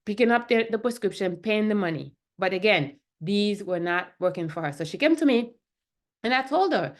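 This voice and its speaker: A woman's voice: mid-range voice, lively intonation, normal speed. A woman who is a functional medicine doctor, talking casually to the camera in a chatty way and often checking in with "right?" and "okay?".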